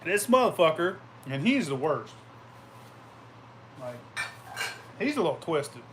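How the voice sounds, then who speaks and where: A man's voice: fairly high pitch, sing-song, takes it slowly, a little hiss or hum. A man vlogging casually, telling rambling, profane anecdotes and laughing as he goes. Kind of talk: casual storytelling.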